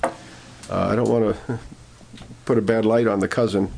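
A man's voice: on the low side, steady tone, measured pace, vocal fry, noisy background. A man preaching a sermon, telling a story with many fillers and restarts, then rising to emphatic points.

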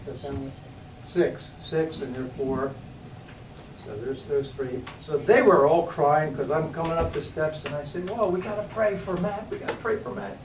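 A man's voice: fairly high pitch, a little hiss or hum. Man telling a testimony in an echoey hall. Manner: rambling, halting storytelling with restarts and sudden raised outbursts. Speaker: church speaker giving a testimony. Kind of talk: testimony sermon. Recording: echoey room, voice from a distance.

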